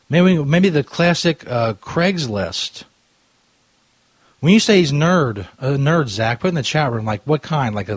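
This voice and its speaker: Drinking as he talks into a studio mic, a man hosts a prank call show full of crude, rambling radio banter. He's profane, loose and tipsy, drifting off topic. His medium-pitched voice has a breathy edge, and the recording is dry.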